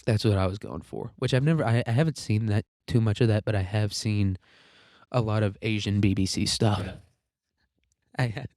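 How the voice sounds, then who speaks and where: Low, dark-voiced sarcastic male host. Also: dry recording, clean studio sound. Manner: sarcastic, profane, rambling. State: congested, coughing. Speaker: podcast host. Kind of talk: casual political commentary monologue.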